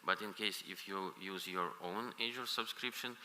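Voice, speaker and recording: A man presenting at a conference and answering audience questions, pausing often with filler sounds. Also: deep voice, bright, forceful tone. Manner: halting, many filler pauses. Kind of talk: technical Q&A. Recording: reverberant conference hall, faint noise.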